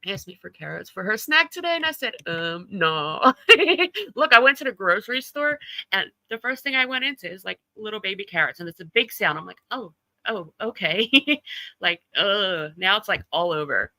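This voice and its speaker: A woman's voice: mid-range voice, animated, moderate pace, bright, forceful tone, no echo, poor audio. A woman hosting a casual livestream chat, talking loosely, laughing often and swearing freely. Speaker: livestream host.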